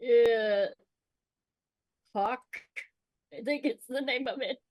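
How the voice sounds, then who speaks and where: A woman with a somewhat high voice plays a tabletop game. She calls out rolls and attacks briskly and matter-of-factly. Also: a little mellow. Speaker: player.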